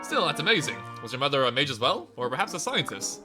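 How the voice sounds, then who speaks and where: A man's voice: medium pitch, big pitch swings, quick pace, pitched below the performer's own voice, close to an everyday voice. A man voicing an earnest, curious young male prince in his own voice, friendly and plain-spoken. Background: game music.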